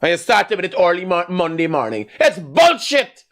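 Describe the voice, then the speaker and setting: Guyanese guy hosting a call-in show, kinda high voice, blunt and heated, scolds callers hard. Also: lively intonation, quick pace, fairly bright tone. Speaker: host taking calls.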